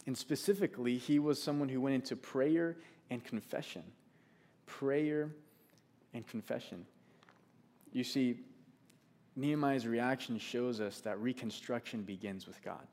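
A man's voice: mid-range voice, moderate pace, darkish tone. A man preaching a sermon, speaking earnestly, repeating key phrases for emphasis and reading scripture aloud.

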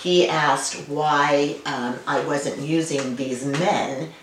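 Speaking extremely slowly in a low, steady voice, a woman winemaker shares warm stories as an interview guest in a casual conversation. She uses many fillers and restarts, and the sound is roomy and distant, with a bit of faint noise.

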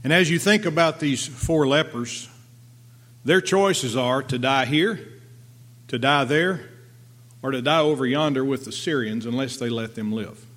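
A middle-aged man preaches through a Bible passage in an earnest, conversational way, at an ordinary middle pitch. He turns to the listener with rhetorical questions and reads the scripture aloud as he goes. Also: unhurried, fairly bright tone. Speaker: pastor. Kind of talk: verse-by-verse Bible teaching.

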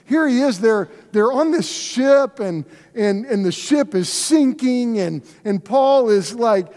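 High-voiced pastor preaching in a reverberant hall. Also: male voice, takes it slowly. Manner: animated, conversational storytelling. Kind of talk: sermon. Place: church sanctuary. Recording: long reverb of a large hall.

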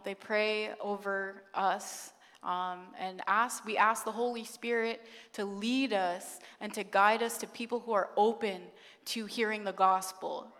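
A young woman giving a sermon testimony, telling her story with lively energy, acting out quotes and laughing often. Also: medium pitch, takes it slowly. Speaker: guest speaker. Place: church sanctuary. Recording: long church hall reverb.

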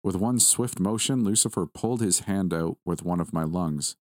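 A man reading a first-person horror story aloud at a steady, measured pace. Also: low-pitched, dry recording, studio quality. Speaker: story narrator.

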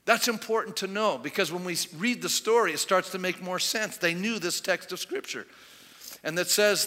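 A pastor with a high, bright, forceful voice delivers a sermon in a chatty way, full of rhetorical questions. A long reverb trails each phrase, as in a large sanctuary. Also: male voice, moderate pace. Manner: conversational preaching with rhetorical questions.

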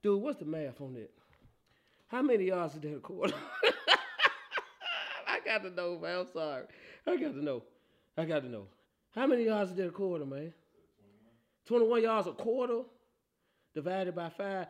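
A man's voice: high voice, moderate pace, long pauses. A man hosting a casual sports talk show, laughing often and teasing. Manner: laughs a lot, animated and teasing.

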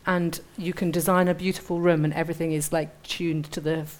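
A woman's voice: deep voice, level tone, fairly quick, a little hiss or hum. A woman interior designer chatting reflectively on a live panel, acting out quoted thoughts. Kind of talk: panel discussion before a live audience.

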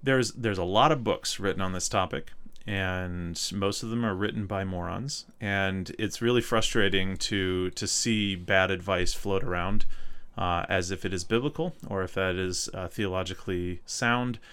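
A man's voice: low voice, steady tone, moderate pace, a bit bright, clear, resonant tone. A man co-hosting a podcast in casual chat, with no regional accent and a wry, joking manner. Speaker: podcast co-host.

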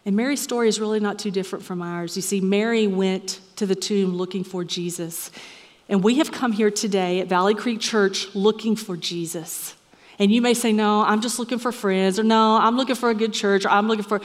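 A woman preaching a sermon in a church, earnest and measured, sometimes dropping to a soft whisper for emphasis. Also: medium pitch, fairly even intonation. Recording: echoey hall reverb.

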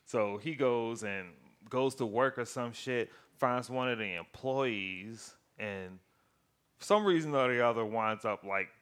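A man's voice: medium pitch, unhurried, clear, resonant tone. A man casually recapping a TV series with lots of swearing, acting out the characters' lines as he goes. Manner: profane, animated storytelling with acted-out quotes. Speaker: podcast co-host.

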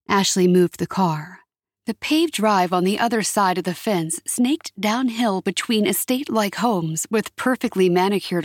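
A woman's voice: medium pitch, dry recording. Woman narrating a story, dry close sound. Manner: steady, measured storytelling.

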